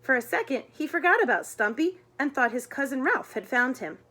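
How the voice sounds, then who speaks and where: A woman reading a children's chapter book aloud in an expressive way. She gives the characters their own voices. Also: sits high, fairly quick. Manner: expressive, voices the characters, chats about the pictures.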